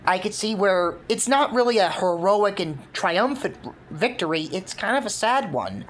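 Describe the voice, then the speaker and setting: A woman's voice: mid-range voice, expressive, normal speed. A woman casually laying out her fan concept for a cartoon, rambling with many fillers. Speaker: fan video creator.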